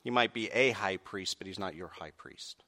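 A man preaching a sermon, asking the congregation direct questions and swinging from quiet earnest stretches to loud raised peaks. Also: sits low, normal speed. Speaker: pastor.

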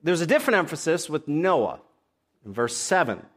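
A man's voice: on the high side, very animated, normal speed, a bit bright. A man, a pastor, preaching a sermon, reading scripture passages aloud and explaining them verse by verse.

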